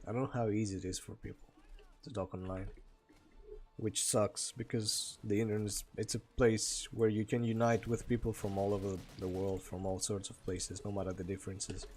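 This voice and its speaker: A man's voice: lowish voice, level tone, moderate pace, darkish tone. A man from Greece with a Greek accent, chatting casually and laughing often while streaming a game and answering chat.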